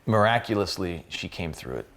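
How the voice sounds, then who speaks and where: A man, a company co-founder, telling a personal family story in an interview, halting and repeating words as he goes. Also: sits low, expressive, fairly bright tone.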